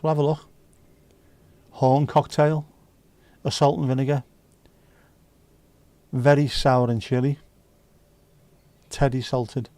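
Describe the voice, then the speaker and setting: A British man hosts a relaxed livestream, chatting and cracking jokes as he reads out viewer comments. His voice sits at an ordinary pitch. The sound is close and dry, with no room echo. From United Kingdom. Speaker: livestream host. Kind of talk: casual livestream chat.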